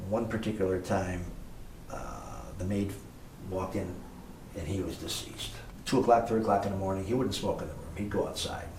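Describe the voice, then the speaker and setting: A man's voice: low-pitched, animated, moderate pace, creaky, a little mellow. An older man, a former motel owner, telling rambling anecdotes as an interview guest with lots of fillers. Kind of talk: casual storytelling interview. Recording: echoey room, distant mic, faint hiss.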